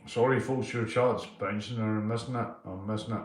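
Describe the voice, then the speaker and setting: He talks fairly quickly in a lowish voice with fairly even intonation, and the sound is roomy. During his casual live stream, the man reads out viewers' names, swears a lot and keeps repeating "mate."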